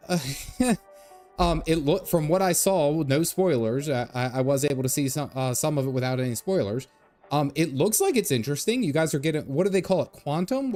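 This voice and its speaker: A man's voice: on the high side, darkish tone. Chatty male game streamer over faint music. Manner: chatty, rambling, answers chat as he goes. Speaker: gaming streamer. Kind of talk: casual live-stream chat while gaming.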